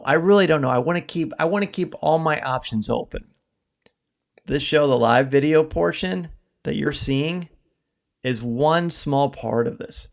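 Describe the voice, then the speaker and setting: A middle-aged man hosting a live podcast stream, talking earnestly and haltingly, choked up at times. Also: mid-range voice, gravelly. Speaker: podcast host. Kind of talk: emotional live-stream farewell talk.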